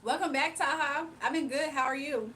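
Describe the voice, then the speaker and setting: A high-pitched woman chats casually on a livestream while she eats, laughing often and talking through mouthfuls. She sits a little back from the mic, and a faint hiss runs under her voice. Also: moderate pace, fairly bright tone, far from the mic. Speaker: livestream host reading chat.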